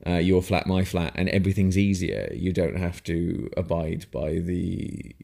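A man's voice: low-pitched, measured pace, gravelly, dark tone. A man co-hosting a casual podcast, talking in a rambling, hesitant way with lots of fillers and restarts. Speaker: podcast co-host.

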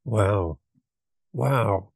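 Man, podcast host, enthusiastic, husky voice, dry close sound. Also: on the low side, dry recording. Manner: enthusiastic, quick, repeats words when excited. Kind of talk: casual interview chat.

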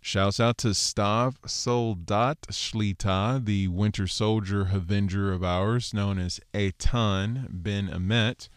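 This man's laid-back Torah teaching is conversational and self-mocking, with lively impressions of the people he quotes. His fairly low voice moves slowly with few pauses, recorded at studio quality without echo.

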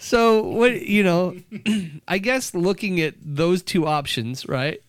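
Jokey man with a smooth voice. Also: high voice, slow, no echo, clean studio sound. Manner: jokey, slips into mock voices. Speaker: podcast co-host. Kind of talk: casual chat.

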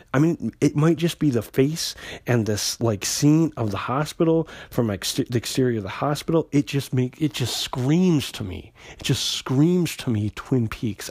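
A man talks through a comic book story in loose, easygoing chat, stopping and restarting his sentences as he goes. His voice sits at a medium pitch and sounds dry and close, with no room around it. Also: a little mellow, dry recording. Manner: conversational, lots of fillers and restarts, paraphrases characters loosely. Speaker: comic book podcast host. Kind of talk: casual comic recap.

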